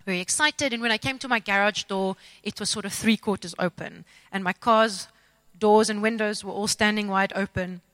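A woman telling a personal faith testimony in an expressive, self-mocking, dramatic storytelling way. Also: medium pitch, normal speed, no room sound. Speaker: speaker sharing a testimony.

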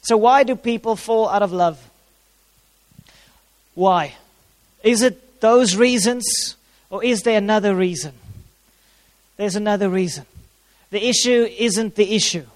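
A man preaches in a high, light voice, driving his points home by repeating them. His words ring out with a long echo, as if he stands in a big hall. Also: measured pace, long pauses. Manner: repeats key phrases for emphasis, uses props. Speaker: pastor. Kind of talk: sermon.

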